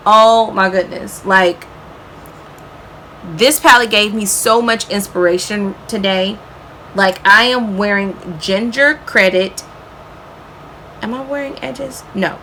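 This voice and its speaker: A woman's voice: mid-range voice, slow pace, sharp tone, a little hiss or hum. A woman beauty vlogger chatting enthusiastically about her favorite products, calling viewers y'all and girl and tagging sentences with "okay?". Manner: frequent "okay?" tags.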